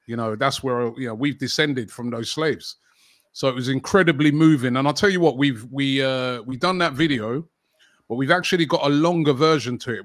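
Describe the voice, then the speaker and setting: A middle-aged man with a London accent talks easily in an interview and often breaks off into fillers and restarts. His voice sits at a middle pitch. It is recorded dry and close, with no room echo. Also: fairly bright tone. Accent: London English. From England. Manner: chatty, frequent fillers and restarts. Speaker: football channel host, interview guest. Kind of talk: casual interview conversation.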